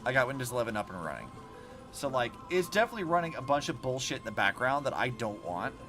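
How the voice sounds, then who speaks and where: A man's voice: mid-range voice, fast, over music. A young man streaming a game, chatting casually and swearing freely as he reacts. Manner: animated, profane, talks to chat while playing. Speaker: vtuber streamer. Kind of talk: casual gaming livestream chat.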